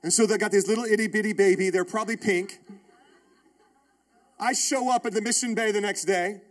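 This thirtysomething pastor shapes his sermon around a story from his own life, delivering it with animation, emphasis and recurring phrases. He speaks a little fast in a high-pitched voice.

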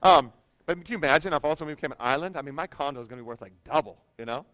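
High-voiced pastor telling funny stories. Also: male voice, rapid-fire, bright, forceful tone, no room sound. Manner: conversational storytelling with humor. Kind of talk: sermon. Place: church.

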